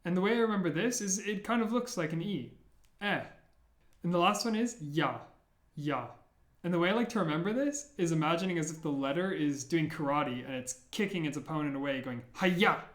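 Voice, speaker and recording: A man teaching the sounds of an alphabet, repeating each one slowly and clearly, with playful memory tricks. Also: on the high side, roomy sound. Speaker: language teacher. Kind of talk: slow, deliberate pronunciation lesson.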